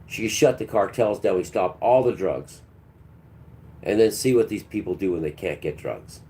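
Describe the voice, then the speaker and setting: A man's voice: deep voice, moderate pace, warm tone. Ranting man preaching on a livestream. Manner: preachy and combative, talks back to chat. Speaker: livestream host.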